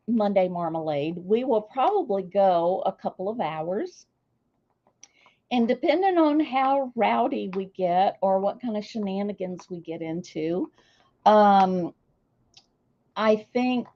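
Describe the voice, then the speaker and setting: An older woman, chatting warmly and emotionally with her viewers as a streamer. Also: medium pitch, muffled recording. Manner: warm, emotional, gushing. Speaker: streamer hosting a celebration. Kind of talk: casual chat to viewers.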